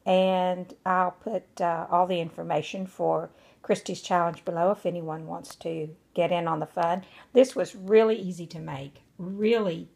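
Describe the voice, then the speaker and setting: An older woman with a slightly low-pitched voice talks through her craft project in a relaxed, informal way. She speaks unhurriedly and pauses often with little fillers as she explains. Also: creaky. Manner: chatty and unhurried, with frequent fillers. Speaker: craft vlogger. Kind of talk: casual craft show-and-tell. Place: away from her home craft room.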